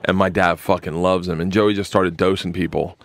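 A man's voice: deep voice, fairly even intonation, brisk. A man telling a long, rambling, profane story in casual podcast chat, laughing often.

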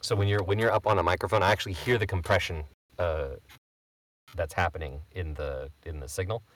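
A man's voice: sits low, fairly even intonation, a little fast, a bit bright, no echo. A man co-hosting a casual podcast chat, explaining microphone technique in a matter-of-fact way as the show's audio guy. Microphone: studio microphone.

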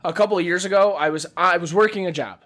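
A man's voice: high voice, quick pace. A man casually telling crude stories and ribbing his friends on a podcast. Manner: crude, storytelling, animated. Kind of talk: casual chat.

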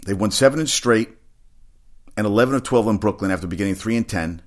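A man's voice: fairly low pitch, fast talker. Rambling, profane man chatting about sports. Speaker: personal trainer. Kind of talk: casual sports chat monologue.

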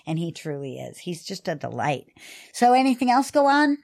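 A woman's voice: fairly low pitch, very animated, normal speed, gravelly, a little mellow. A woman podcast co-host with a dog-training background, chatting in an enthusiastic, encouraging way. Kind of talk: casual chat.

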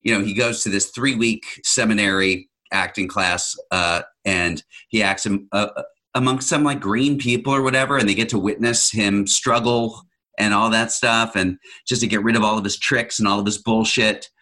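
A man hosting a conversation, speaking in a halting way with many pauses and fillers. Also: fairly low pitch, fairly even intonation, pushed and bright, rough recording. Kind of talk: casual conversation.

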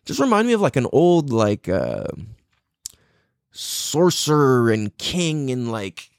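Guy rambling through funny stories, swears a lot, laughs, pitch jumps all over, dry close sound. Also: wildly swooping pitch, slow, creaky, clear, resonant tone, no echo. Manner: profane, laughing, rambling anecdotes; mimics voices in quotes. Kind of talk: casual storytelling.

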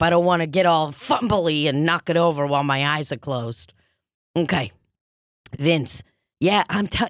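In an improvised comedy sketch, a woman with a low voice plays a brash, bossy psychic, putting on a Long Island accent. Her delivery is brassy, bossy and rambling, and the recording is dry and close.

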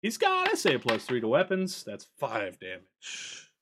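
A man narrating as game master in a tabletop game, playful and animated. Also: mid-range voice, normal speed, breathy edge.

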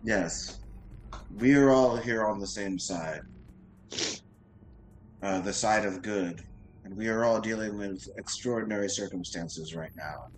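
A man's voice: fairly low pitch, a little slow, long pauses, slight background noise, close to an everyday voice, rough recording. A man voicing a polite talking cat that speaks formally and soothingly in a tabletop game. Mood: diplomatic. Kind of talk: tabletop role-play.

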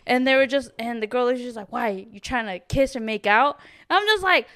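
A woman's voice: on the high side, brisk. A young woman co-hosting a podcast, telling a story in a casual chat and acting out what people said, with some swearing. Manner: animated storytelling, acts out quotes, swears. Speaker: podcast co-host.

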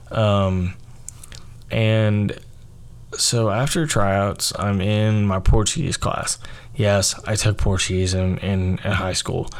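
A man's voice: low voice, vocal fry. Rambling young man telling his story. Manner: rambling, filler-heavy, frequent "like" and "um". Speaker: podcast host. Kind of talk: casual personal storytelling.

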